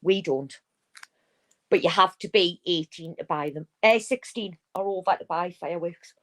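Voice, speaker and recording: A woman with a Geordie accent, chatting casually on a live-stream panel and explaining things at length. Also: lowish voice. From North East England. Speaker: panel guest.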